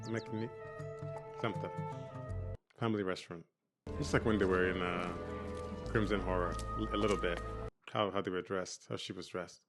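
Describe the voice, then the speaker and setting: A man hosting a reaction video, commenting casually on a TV episode and thinking aloud in a rambling way. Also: lowish voice.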